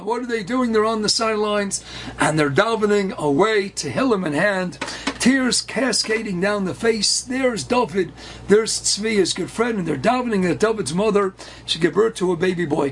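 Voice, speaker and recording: A man telling an inspirational story in an animated, emphatic way, sprinkling in Hebrew and Yiddish terms. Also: high-pitched, moderate pace, a little hiss or hum. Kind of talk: inspirational story at a wedding celebration.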